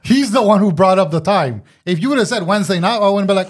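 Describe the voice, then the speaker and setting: A man's voice: high voice, quick pace, few pauses. A young man co-hosting a podcast, chatting casually, joking and laughing often. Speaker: podcast co-host. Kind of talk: casual chat.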